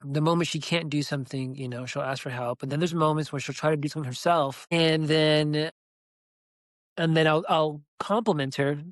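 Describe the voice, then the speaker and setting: Higher-voiced man chatting hesitantly. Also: fairly even intonation, normal speed, no room sound, studio quality. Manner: hesitant, searching for words. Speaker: podcast co-host. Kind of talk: casual chat.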